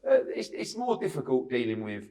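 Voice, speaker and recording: A middle-aged man, hosting a casual chat as a boxing promoter and telling anecdotes in a lively way that acts out other people's lines. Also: medium pitch, brisk.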